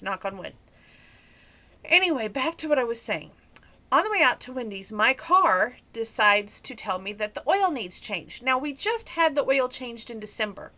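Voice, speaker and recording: A woman's voice: fairly high pitch, pushed and bright. A woman, telling a rambling story about her day in a casual vlog, her sinuses congested. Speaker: vlogger.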